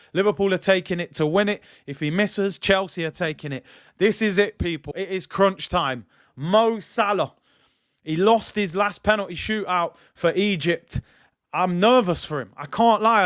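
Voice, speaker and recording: A young man with a notably high voice calls a penalty shootout live for his viewers. His delivery is dry and close to the mic, building tension between kicks and bursting into excited shouts when the ball goes in. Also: moderate pace, smooth, dry recording. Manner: excitable, shouts and jumps in pitch at each goal, addresses viewers as "people". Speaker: watch-along host commentating on a penalty shootout. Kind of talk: live football commentary.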